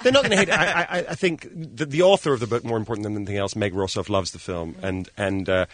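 A Scottish man, a film director, talking in a casual radio interview, halting and repeating words as he goes. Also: on the low side, background noise. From Scotland.

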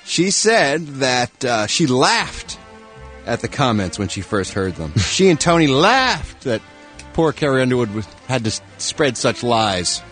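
Wry, lively gossip-reporting man. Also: medium pitch, measured pace, soft background music. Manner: wry, joking. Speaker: entertainment news reporter. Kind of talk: showbiz gossip segment.

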